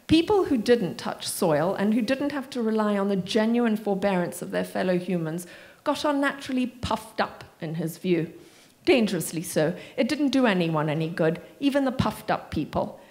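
A woman's voice: medium pitch, animated, normal speed, darkish tone. A woman author in a library community room, reading expressively from her memoir and answering audience questions with wry asides.

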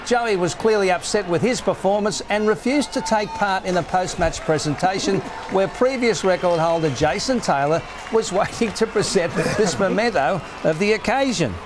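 A man's voice: sits high, moderate pace, few pauses, noisy background. A man hosting a sports panel, reading viewer comments and steering the debate. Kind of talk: studio panel discussion.

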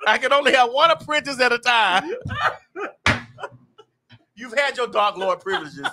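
A woman hosting a casual chat show, telling a story loudly and dramatically and breaking into laughter. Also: on the high side, lively intonation, normal speed, background noise. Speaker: host.

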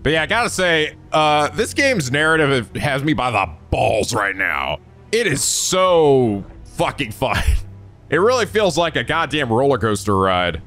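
A man hosting a let's play, recapping the story in excitable, jokey, swear-filled commentary with sudden shouts. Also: medium pitch, a little slow, faint music behind. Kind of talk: energetic gameplay commentary.

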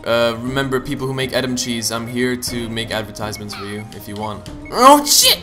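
A young man giving casual gaming commentary, joking, swearing and punning, with sudden loud outbursts. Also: mid-range voice, little pitch movement, fairly quick. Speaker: let's play gamer. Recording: game music behind the voice. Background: game music.

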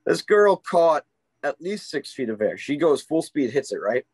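A man who works as a ski instructor tells a story in a casual interview. He is animated and keeps checking in with "right?". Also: fairly high pitch, moderate pace, breathy edge, dry recording.

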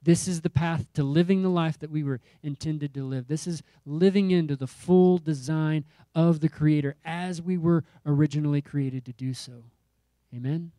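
Male pastor, sermon delivery, emphatic and repetitive, warm tone, dry close mic. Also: on the high side, fairly even intonation, normal speed, dry recording. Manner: emphatic preaching with repeated phrases and rising calls.

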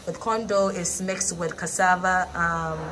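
A woman, vlogging casually and explaining things plainly, often pausing to find her words. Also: on the low side, steady tone. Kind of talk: casual vlog narration. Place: outdoor porch used as a kitchen. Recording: outdoor ambient noise.

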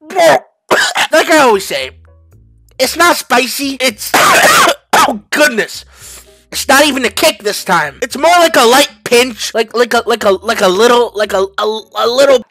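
A man hosting a comedic reaction video, talking to viewers as boys and fellas and breaking into yelps and shouts. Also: extremely high pitch, very animated, measured pace, no room sound, faint music behind. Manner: hyped, jokey, bursts into yelps and shouts. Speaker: YouTuber.

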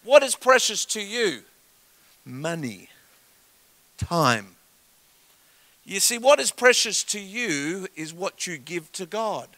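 High, bright-voiced Australian preacher. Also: male voice, slow pace, pauses often, no room sound. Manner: animated, joking, swings from quiet asides to shouts. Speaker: guest preacher. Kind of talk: sermon with comic storytelling. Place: church service.

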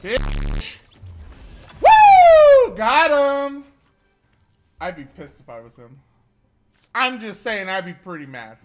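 A woman's voice: high voice, wildly swooping pitch, slow, pauses often, noisy background. A young woman giving casual commentary as she streams a game, swearing freely and laughing often. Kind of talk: casual live-stream commentary while gaming.

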